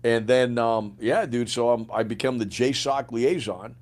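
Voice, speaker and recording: A man's voice: mid-range voice, unhurried. Older man telling vivid war stories. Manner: animated storyteller, acts out quoted dialogue, swears freely. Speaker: guest, retired Green Beret sergeant major. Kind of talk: casual storytelling interview.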